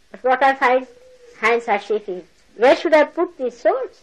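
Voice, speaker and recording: An older woman giving a spiritual talk to followers, animated and laughing, mimicking people as she speaks. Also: sits high, unhurried, low-quality recording. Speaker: spiritual teacher. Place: lecture hall.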